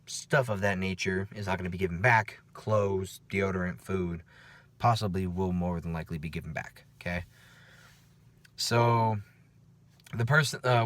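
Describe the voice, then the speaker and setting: Pitched low with a slight brightness, this man recounts his night-shift security work in a laid-back, profane after-work vlog. He chats freely and keeps asking the listener "okay?" and "right?"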